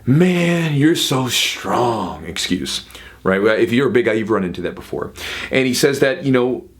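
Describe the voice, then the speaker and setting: A man in his thirties, a jiu-jitsu coach, talking casually to camera with quick asides and frequent "right?". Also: fairly low pitch, lively intonation. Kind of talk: casual advice talk to camera.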